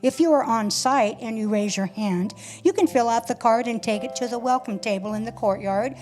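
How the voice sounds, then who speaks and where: A woman's voice: a little high, moderate pace, darkish tone. Woman reading church announcements. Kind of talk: read announcements.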